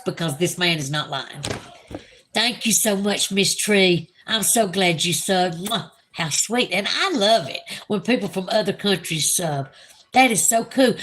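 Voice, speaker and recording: A woman's voice: mid-range voice, a bit bright. A woman from Alabama with a Southern accent, chatting casually on a livestream and gushing over her viewers. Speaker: livestream host. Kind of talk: casual livestream chat reading viewer comments.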